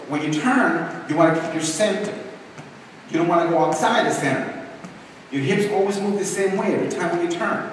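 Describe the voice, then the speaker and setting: A fairly high-voiced man teaches a dance lesson, counting steps out loud and checking in often with a quick "okay?" His voice carries through a big echoey hall with a long reverb tail. He sounds distant from the camera mic, with faint room ambience behind him. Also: slight background noise. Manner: counts steps aloud while demonstrating; upbeat, checks in with "okay?" and "all right?". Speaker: dance instructor.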